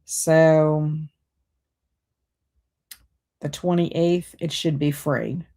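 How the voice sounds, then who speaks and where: A woman's voice: low voice, fairly even intonation, very slow, dark tone. A woman hosting a livestream, chatting casually and reading out viewer comments while multitasking. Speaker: BookTube livestream host.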